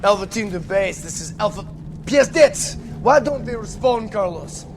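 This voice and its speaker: An actor playing a gruff male soldier with a put-on Russian accent, calling urgently over the radio. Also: high voice, lively intonation, moderate pace. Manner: urgent, barking radio calls. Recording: film clip with vehicle noise.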